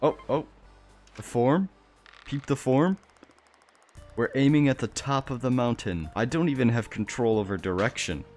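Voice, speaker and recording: A young man doing game commentary as a gaming YouTuber, excitable, laughing often and crying out in surprise. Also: medium pitch, normal speed, long pauses, faint music behind.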